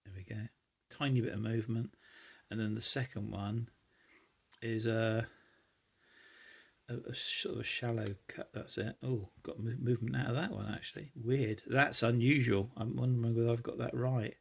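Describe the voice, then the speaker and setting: A man's voice: medium pitch, fairly even intonation, normal speed, gravelly, breathy edge. A man casually demonstrating lockpicking, thinking aloud with many hesitant fillers. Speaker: lockpicking hobbyist vlogger. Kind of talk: casual demonstration while picking a lock.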